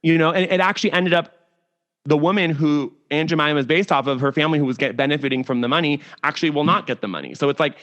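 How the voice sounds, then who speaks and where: A man's voice: a little high, fast talker, muffled recording. A young adult man as a podcast guest on a video call, chatting candidly and animatedly with lots of "like". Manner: animated, candid, heavy use of "like". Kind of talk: casual interview chat.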